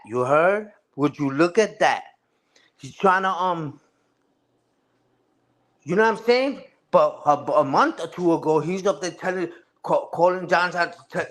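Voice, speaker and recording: A man's voice: fairly high pitch, a bit bright. A man ranting casually and profanely on a live stream, repeating himself and asking "you heard?" again and again.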